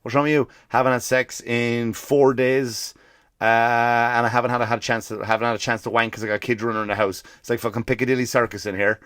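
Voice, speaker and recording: A man's voice: medium pitch, level tone, quick pace, a bit bright, clean tone, no echo, clean studio sound. A middle-aged man, hosting a comedy podcast, ranting in a profane, self-interrupting way. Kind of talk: comedic rant.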